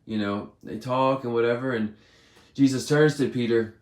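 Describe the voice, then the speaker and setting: A man's voice: medium pitch, normal speed, a little mellow. A man giving a casual Bible devotional, retelling loosely with many fillers. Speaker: devotional speaker. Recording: roomy echo.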